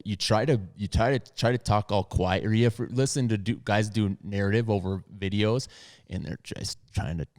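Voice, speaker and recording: A man in his thirties hosting a podcast in casual chat, talking softly in a low radio voice with lots of restarts. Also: normal speed. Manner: low, soft-spoken radio voice, rambling restarts. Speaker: podcast host. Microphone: studio podcast mic.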